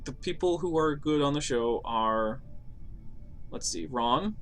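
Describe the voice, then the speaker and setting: A young man talks through a gaming stream in a loose, joking, opinionated way. His voice sits a little high. Faint game music plays underneath. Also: lively intonation, takes it slowly, fairly bright tone. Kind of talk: casual gaming stream chat.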